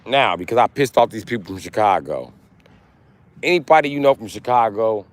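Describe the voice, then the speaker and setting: Outdoors near parked vehicles, a man livestreams a crude, taunting rant to his chat, repeating points to hammer them home. His lowish voice is brisk with lively intonation, and there's a little hiss or hum.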